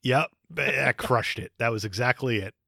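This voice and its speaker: A man's voice: medium pitch, moderate pace, gravelly, bright, forceful tone, no room sound, clean studio sound. A man co-hosting a casual podcast, joking with crude banter and laughing a lot. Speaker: podcast co-host.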